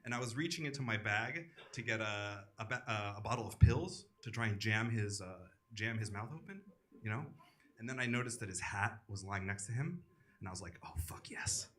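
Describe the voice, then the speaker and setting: A man's voice: on the low side, expressive, a little fast, a bit bright. A man doing a stand-up set on a club stage, telling a crude rambling story full of fillers. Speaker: stand-up comedian.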